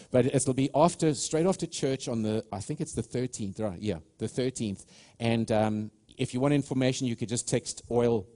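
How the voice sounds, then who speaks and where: In a church sanctuary, a man from South Africa preaches live, warm-toned and mid-range. He speaks earnestly but haltingly, frequently starting over and calling out to his congregation.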